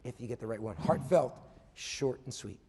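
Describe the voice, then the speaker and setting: A man giving a motivational keynote as a business coach, animated, swinging between loud emphasis and hushed asides, often tagging points with "okay?". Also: medium pitch, moderate pace, breathy edge. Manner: tags points with a questioning "okay?". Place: conference hall before a live audience. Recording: long reverb of a large hall.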